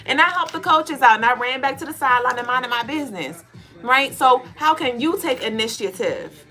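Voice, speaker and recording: A woman co-hosting a podcast of casual spiritual talk. She speaks bluntly, swears freely and fires off rapid rhetorical questions. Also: sits high, lively intonation, bright, forceful tone. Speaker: podcast co-host.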